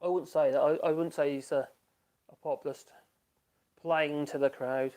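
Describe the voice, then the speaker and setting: A man's voice: a little high, steady tone, normal speed, a little mellow. A man hosting a casual live stream from his home workshop, chatting loosely and laughing often as he reads out and reacts to viewer comments.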